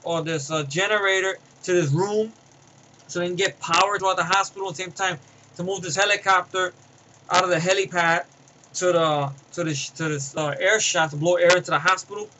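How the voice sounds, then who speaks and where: A man's voice: sits high, steady tone, fairly quick, sharp tone, low-quality recording. A man giving a casual spoken movie review, rambling through scene recaps with fillers and restarts.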